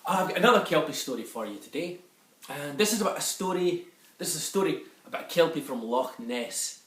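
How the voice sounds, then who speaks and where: A man's voice: on the high side, animated, brisk, a bit bright, a little hiss or hum. A man with a Scottish accent telling a folk tale to children in a lilting way, slipping into dialect for the characters. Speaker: storyteller. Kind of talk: storytelling for children. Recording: echoey room, a bit far from the mic.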